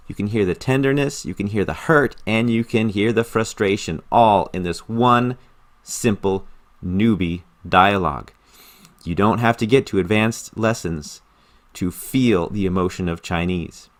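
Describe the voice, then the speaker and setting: A man's voice: fairly low pitch, moderate pace. A man explaining how he studies a language with audio lessons, in an earnest, enthusiastic manner, often repeating words for emphasis. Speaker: language learner explaining his study method. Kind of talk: casual screen-recorded tutorial.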